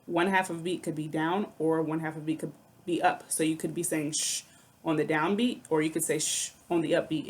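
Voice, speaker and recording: A woman teaching a music lesson, patiently explaining rhythms, counting aloud and chanting rhythm syllables. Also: deep voice. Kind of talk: recorded online music lesson.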